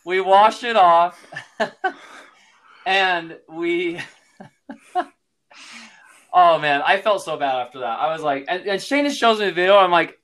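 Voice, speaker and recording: A man's voice: sits high, expressive, slow, long pauses, a bit bright. A dad chatting casually on a podcast, his voice swinging widely up and down as he tells a story. He laughs his way through it, leaning on plenty of "like"s and "you know"s. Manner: laughs often through the story, filler-heavy. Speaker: father telling a parenting story.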